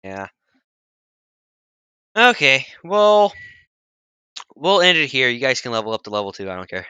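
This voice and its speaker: A man with a Southern drawl narrates a tabletop game as game master, looping back over his words as he goes. His voice is bright and crisp. The sound is close and dry, with no room echo. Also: mid-range voice, big pitch swings, measured pace. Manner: rambling, with repeated restarts.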